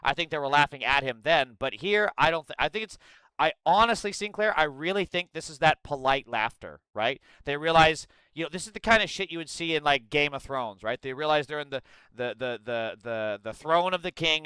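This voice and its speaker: A man hosting a live political reaction stream, reading chat and reacting in a profane, sarcastic, animated way. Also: fairly high pitch, brisk, clear, resonant tone, no echo, low-quality recording.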